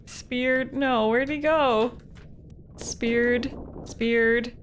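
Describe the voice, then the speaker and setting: A woman's voice: medium pitch, a little slow, a bit bright, a little hiss or hum. A young woman from Canada, a streamer thinking aloud playfully while playing a game live and chatting with viewers. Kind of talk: live gameplay commentary.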